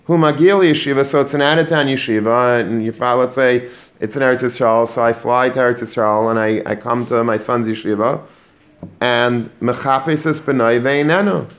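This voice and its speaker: A man giving a Torah lesson to students, animated, often repeating words and mixing in Hebrew and Yiddish terms. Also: medium pitch, normal speed. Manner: animated, repeats words while building a point. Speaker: Torah teacher. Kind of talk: religious lecture to students.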